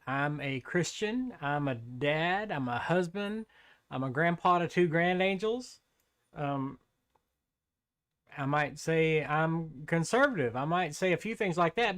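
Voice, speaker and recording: An older man giving a casual devotional talk, relaxed and conversational, often restarting his sentences. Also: on the high side. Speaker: Christian devotional speaker.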